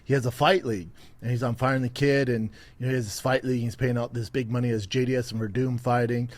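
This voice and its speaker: A man's voice: medium pitch, little pitch movement, fast. A man hosting a casual podcast chat, telling stories with quoted asides and readily agreeing. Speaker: podcast host.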